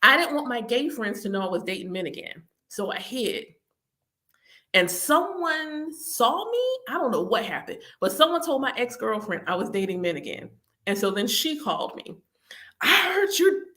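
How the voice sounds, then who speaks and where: Bright-voiced woman telling animated stories. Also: fairly high pitch, normal speed. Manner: animated, laughs often, acts out her own reactions. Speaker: channel host. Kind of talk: casual personal storytelling.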